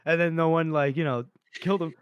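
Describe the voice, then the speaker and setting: A man's voice: on the high side, steady tone, brisk, clear, resonant tone, no room sound, dull audio. A man co-hosting a casual podcast about a book series. He rambles through plot retellings, laughing often and swearing. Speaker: podcast co-host. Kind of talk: casual book-discussion chat.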